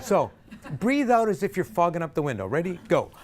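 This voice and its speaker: A middle-aged man directing a choir, coaching vowels and pitch and singing example notes himself, with jokey asides. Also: big pitch swings, fairly quick, a crowd in the background. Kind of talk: vocal warm-up lesson. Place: rehearsal room with a choir.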